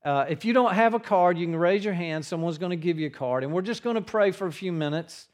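A man preaching a sermon to his congregation in a church, earnest in tone and dropping his voice low for the quiet passages. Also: fast. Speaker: pastor.

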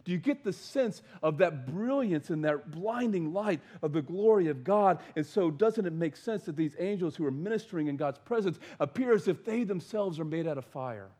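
A man preaching a sermon in a voice pitched a little high. He talks earnestly, stumbles over and repeats words as he goes, and keeps turning questions back to his listeners. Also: lively intonation, moderate pace, few pauses, dark tone. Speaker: pastor.

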